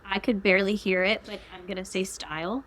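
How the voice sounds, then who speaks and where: A woman's voice: medium pitch, flat delivery, fairly quick, fairly bright tone. Young woman cohost, chatty n giggly, casual podcast talk. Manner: chatty, giggly, uses slang. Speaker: podcast co-host. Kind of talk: casual chat.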